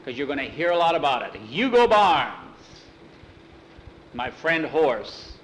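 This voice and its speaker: A man's voice: medium pitch, lively intonation, a little fast, a bit bright, slight background noise, lightly acted, poor audio. A man voicing a big, bossy older schoolboy bully in a spoken story, swaggering and domineering. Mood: boastful.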